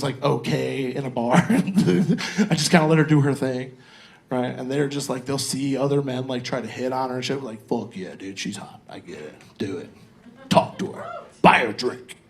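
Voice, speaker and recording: A man in his forties doing a crude, loose stand-up set, chatting with the audience from a comedy club stage on a handheld mic. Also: mid-range voice. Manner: crude, loose, crowd-working.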